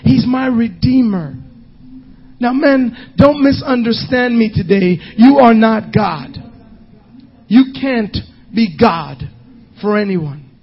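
A male pastor preaching a sermon, emphatic, often shouting and half-singing his lines. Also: very high voice, expressive, slow, husky, highs cut off.

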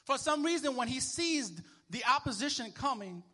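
A man preaching a sermon as minister, conversational and animated, checking in with the congregation as he goes. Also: very high-pitched, moderate pace. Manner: animated, conversational preaching with sports illustrations and call-and-response. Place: church.

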